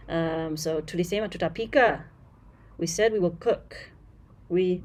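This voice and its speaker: A woman teaching Swahili in a casual lesson commentary, explaining patiently and repeating phrases slowly with fillers, frank about bad translations. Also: on the low side, darkish tone.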